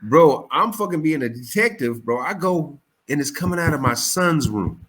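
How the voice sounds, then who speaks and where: A man in his forties, a comedian, tells stories over a remote call in a casual, swearing way. His pitch jumps sharply when he acts out what he said, then drops back to a relaxed middle register. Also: normal speed. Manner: animated, profane, jumps high for quoted lines. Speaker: comedian guest. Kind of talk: casual storytelling interview.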